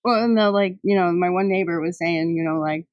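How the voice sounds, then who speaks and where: A young woman in easy podcast chat, talking in a slightly low voice and laughing often. Her speech is full of casual fillers, and the recording is dry and close with no room sound. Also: brisk, no room sound, dull audio. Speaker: podcast host.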